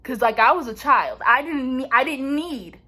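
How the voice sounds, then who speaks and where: Chatty young woman with a high, bright voice. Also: expressive, moderate pace, slightly rough. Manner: chatty and playful, says "like" constantly. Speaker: vlogger. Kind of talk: casual TV recap chat.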